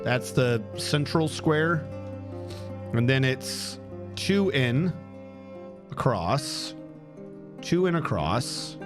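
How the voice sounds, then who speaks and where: A man's voice: medium pitch, sing-song, very slow, long pauses. Streamer guy muttering n counting, voice jumps all over, guitar music behind. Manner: frustrated muttering, counting tiles aloud. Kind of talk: live gameplay commentary.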